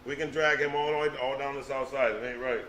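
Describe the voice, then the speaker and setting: A man's voice: mid-range voice, fairly even intonation, quick pace, sharp tone, roomy sound, far from the mic, slight background noise, rough recording. A man ranting in casual podcast talk, repeating himself and cursing. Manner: ranting, repetitive, profane.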